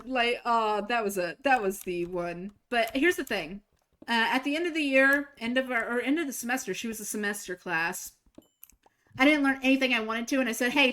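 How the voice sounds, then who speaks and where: A woman's voice: on the high side, pushed and bright. A young woman streamer telling a story in casual chat, swearing freely, laughing and acting out quoted lines. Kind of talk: casual storytelling while gaming.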